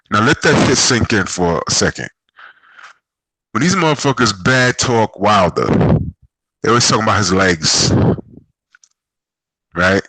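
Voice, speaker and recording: A man's voice: mid-range voice, very animated, normal speed, pauses often, sharp tone, no echo, poor audio. Profane, rambling storytelling man. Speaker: podcast host. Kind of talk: casual group chat about games and boxing.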